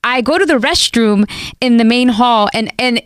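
Chatty woman with a smooth voice. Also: on the high side, moderate pace, dry recording, studio quality. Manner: chatty, with many fillers like "like" and "you know". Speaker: podcast guest. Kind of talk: casual storytelling.

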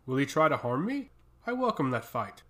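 A woman's voice: a bass voice, sing-song, moderate pace, a bit bright, exaggerated voice. A man voicing a powerful female nature mage who speaks in a cold, taunting and commanding way.

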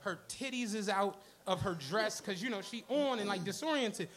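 A man with a high-pitched voice and a moderate pace tells a profane story on a comedy club stage during a live podcast show. As co-host, he animates the tale by acting out its characters for the audience.

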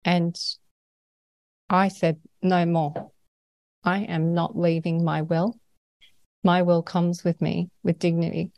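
Earnest Australian woman, low and dry. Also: level tone, slow, pauses often, darkish tone, no room sound. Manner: earnest, rambling, laughs often. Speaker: paranormal experiencer, guest. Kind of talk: conversational interview.

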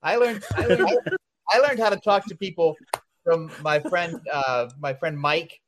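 Male guest, slightly high voice, blunt straight-talking storyteller who chuckles. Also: animated, unhurried, a little hiss or hum. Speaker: comics publisher guest. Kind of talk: casual chat.

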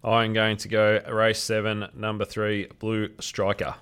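A man's voice: on the low side, completely flat delivery, measured pace, fairly bright tone, slight background noise. An Australian man co-hosting a casual greyhound-betting podcast, trading dry wisecracks. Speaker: podcast co-host. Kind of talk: casual sports betting chat.

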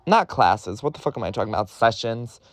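A man's voice: medium pitch, big pitch swings, a little fast, dry recording. A young man from Ohio hosting a candid solo podcast, talking in a blunt, profane, exasperated way with sardonic asides. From Ohio, USA. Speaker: podcast host.

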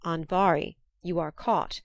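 A woman's voice: on the low side, fairly even intonation, measured pace, creaky, no echo, muffled recording. A woman reading the lines of a cunning male trickster god in a myth, in a formal, archaic way of speaking.

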